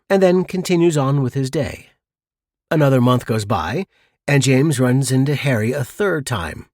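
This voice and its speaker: A man telling a scripted joke as host of a comedy channel, in an expressive storytelling manner. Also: medium pitch, normal speed, no room sound, clean studio sound. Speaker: joke teller.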